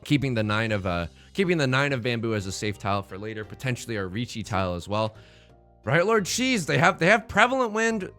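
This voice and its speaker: A man hosting a let's play, giving excitable, joking, meme-heavy commentary on his own game. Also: medium pitch, a little fast, faint music behind. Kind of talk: live gameplay commentary.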